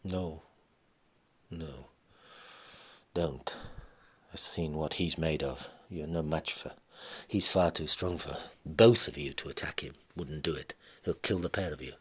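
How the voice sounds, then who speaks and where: Brief: a man doing a shattered middle-aged wife, half-whispered pleas, husky and slow. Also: a bass voice, fairly bright tone, heavily acted. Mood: shaken. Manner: pleading, breathless, often dropping to a whisper. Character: distraught middle-aged wife, abandoned after decades.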